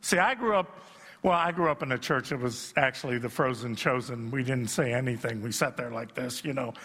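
A middle-aged man preaching a sermon as pastor, joking about himself and rising to shouts at the high points. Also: fairly quick, slightly rough. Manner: self-deprecating, swells to shouting at peaks. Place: church sanctuary. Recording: long reverb in a church hall.

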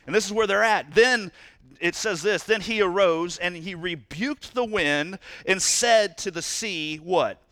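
A man pastor preaching a sermon to his church, animated and playful, swinging from loud bursts to hushed asides. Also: high voice, unhurried, no room sound.

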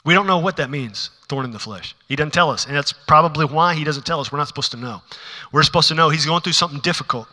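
A man preaching a sermon to a congregation in a church, shifting between hushed, intimate asides and rising, emphatic passages. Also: on the high side, fast talker. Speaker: pastor. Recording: long reverb of a large hall.

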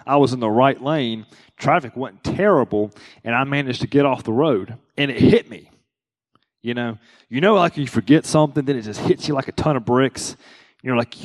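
A man's voice: mid-range voice, big-room sound. A young adult male pastor preaching a conversational sermon, acting out quotes with rising emphasis.

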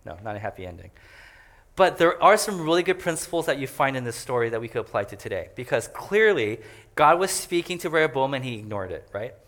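A man's voice: medium pitch, expressive, fast, fairly bright tone. A man preaching a conversational sermon as a pastor, joking and chatty as he explains a passage. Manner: joking and chatty, laughs often.

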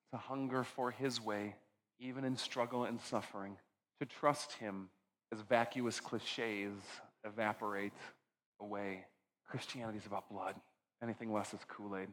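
A man preaching a sermon as pastor, earnest, slowing down for emphasis and dropping low and soft on key lines before leading communion. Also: slight background noise, poor audio.

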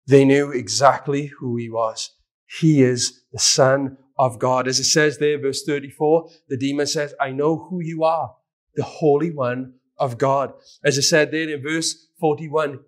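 A man who is a pastor, preaching a sermon and reading scripture aloud with rising emphasis, repeating his key lines. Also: fairly high pitch.

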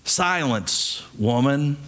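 A man voicing frightened cave dwellers, raising his voice high and anxious. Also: expressive, extremely slow, a bit bright. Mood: pleading.

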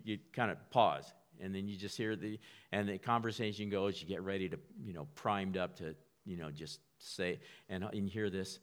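Speaking at a moderate pace in a low voice, a man preaches a sermon as if talking with his listeners. He tends to repeat and restart words, sometimes dropping to a whisper to act out an inner voice's quiet prompt.

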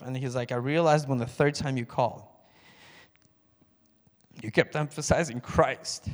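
A man gives a spoken testimony in a church, telling his story in a conversational way. He slips into a higher, louder voice when he acts out the people in it. His mid-range voice rings with long hall reverb. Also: steady tone, moderate pace, long pauses. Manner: storytelling, acts out phone calls with raised voice. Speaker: church speaker giving a testimony. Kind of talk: sermon testimony.

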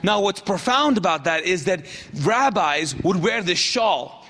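A man preaching a sermon in an animated way, acting out the people in his story with jokey asides. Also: high-pitched, measured pace. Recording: long hall reverb.

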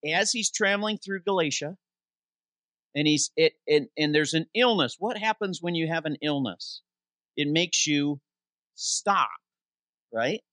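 A man preaching as interim pastor in a church, reading scripture slowly for emphasis and posing questions to the congregation before answering them himself. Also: a little high, dry recording. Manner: animated preaching, reads scripture aloud with slowed emphasis. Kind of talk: sermon. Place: church sanctuary.

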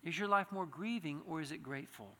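A high, bright male voice preaching in a long-reverb church hall. He speaks earnestly and climbs into impassioned pleading, often restarting his phrases. The sound carries a lingering echo. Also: fast. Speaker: pastor. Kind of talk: sermon.

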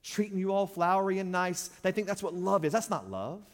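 A man's voice: animated, fairly quick. A man preaching a sermon, emphatic and conversational, pressing points with call-and-response to the congregation. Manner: emphatic, call-and-response, surges louder and higher on key points. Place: church sanctuary. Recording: long reverb of a church hall.

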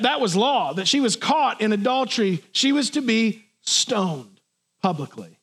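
Pastor, male, high voice, earnest sermon delivery. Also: a bit bright. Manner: earnest preaching, acts out imagined voices.

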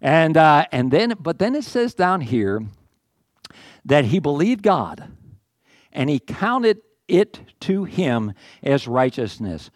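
Man, pastor, conversational sermon, slightly high voice, asides and restarts, dry close sound. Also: sing-song, slow pace, no echo.

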